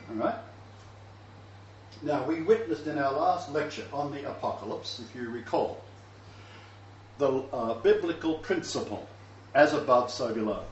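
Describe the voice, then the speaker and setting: A man's voice: medium pitch, lively intonation, measured pace, long pauses, slight background noise. A man giving a Bible lecture to a live class, reading verses and adding chatty asides with small chuckles. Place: lecture room. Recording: roomy, distant, dull lo-fi room recording.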